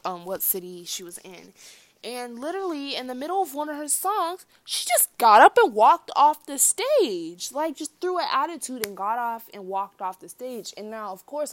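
A woman's voice: on the high side, sing-song, normal speed. A young woman vlogging in a chatty commentary style, with lots of fillers, speaking straight to her viewers. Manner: chatty, filler-heavy, addresses viewers as y'all. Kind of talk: casual commentary vlog.

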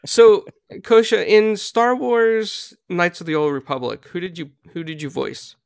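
A man's voice: high-pitched, fairly even intonation, unhurried, vocal fry, clear, resonant tone, dry recording, studio quality. A man hosting a casual interview and talking in an easygoing, rambling way. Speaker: host.

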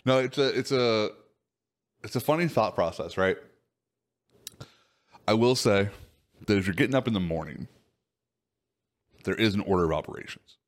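A man's voice: lowish voice, animated, moderate pace, long pauses. A man co-hosting a casual podcast chat, teasing his partner and steering the talk with probing questions. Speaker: podcast co-host.

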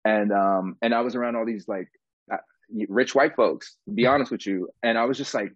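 Male podcast guest, low voice, chatty storyteller who acts out the dialogue, dull dry recording. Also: fairly quick, slightly rough, no room sound. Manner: animated, says "bro" a lot, acts out quotes. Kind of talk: casual storytelling interview.

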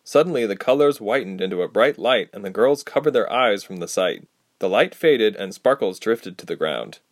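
A man narrating a fantasy storybook aloud, expressive and acting out each character. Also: fairly low pitch, moderate pace, no echo, studio quality.

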